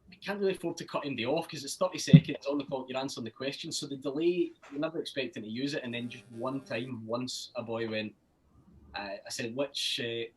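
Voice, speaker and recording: A man's voice: mid-range voice, fairly even intonation, fast talker, a little mellow, rough recording. A man who runs a phone quiz segment, telling a story in casual, rambling chat.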